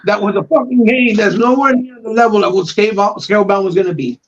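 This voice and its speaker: A man with a very high voice rants on a podcast, swearing freely and getting fired up as he goes. The sound is dull and lo-fi, as if the treble has been cut away. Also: quick pace, a little hiss or hum. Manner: profane, fired-up, ranting. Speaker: podcast co-host. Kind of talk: heated casual podcast rant.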